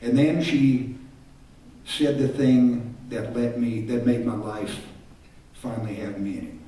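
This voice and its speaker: A man's voice: mid-range voice, fairly even intonation, takes it slowly, mellow. An older man from Texas, a singer-songwriter, telling reflective, self-deprecating stories on stage between songs. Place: concert stage. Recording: echoey live hall from far off. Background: guitar music.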